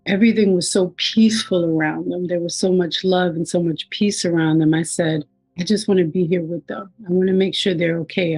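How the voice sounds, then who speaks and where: A woman's voice: lowish voice, dry recording, rough recording. A woman recounting her near-death experience in a reflective, personal storytelling manner. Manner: reflective, quotes herself and others with raised voice.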